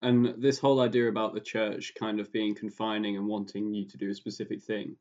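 A man's voice: on the low side, flat delivery, a little fast, darkish tone, muffled recording. A man hosting a casual podcast interview, playful and self-mocking. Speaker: podcast host.

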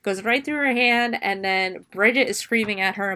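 A woman's voice: medium pitch, steady tone, unhurried, a bit bright. Chatty, foul-mouthed woman reviewer. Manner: chatty, swears freely, retells scenes step by step. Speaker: movie reviewer. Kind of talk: casual spoken movie recap.

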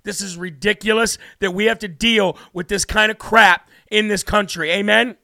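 Gravelly, emphatic talk radio host man. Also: high-pitched, fairly even intonation, moderate pace, bright, forceful tone, dry recording, clean studio sound. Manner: emphatic, repeats phrases, preacher-like cadence. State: emotionally worked up.

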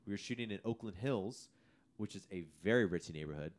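A man's voice: lowish voice, quick pace. A man co-hosting a podcast, telling stories in a casual, profane way. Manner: animated, profane storytelling. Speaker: podcast co-host. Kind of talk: casual chat.

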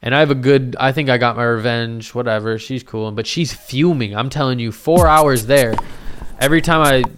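A young man telling a bar story in casual chat, animated and full of swearing, acting out the voices of people he quotes. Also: mid-range voice, normal speed, smooth.

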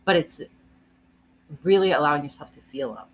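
A woman's voice: deep voice, normal speed, a little hiss or hum. A woman co-hosting a podcast, giving earnest advice in casual chat and swearing now and then.

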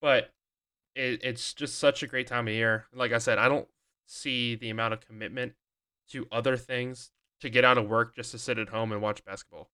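A man's voice: medium pitch, steady tone, normal speed, bright, forceful tone, clean tone. A young man co-hosting a podcast, telling rambling stories in casual chat with lots of fillers and restarts. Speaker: podcast co-host.

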